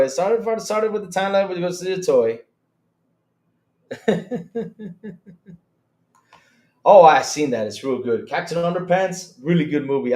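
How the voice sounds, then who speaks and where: Giggly, swearing man streaming in a roomy space. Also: a little high. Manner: giggly, swearing, breaks into laughter constantly; talks to chat directly, animated and excitable. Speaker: streamer host. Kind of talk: casual live-stream reaction chat. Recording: roomy echo.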